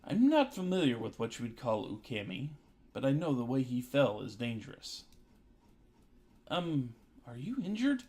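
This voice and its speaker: A man's voice: medium pitch, sing-song, moderate pace, warm tone. A man streaming, reading a visual novel aloud with dry joking asides, with music behind.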